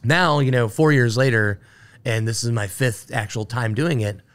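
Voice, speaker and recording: A man, an Army veteran, telling a story as a podcast guest with animated, filler-heavy talk. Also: mid-range voice, moderate pace. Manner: animated, full of fillers like "like" and "you know". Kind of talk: casual storytelling interview.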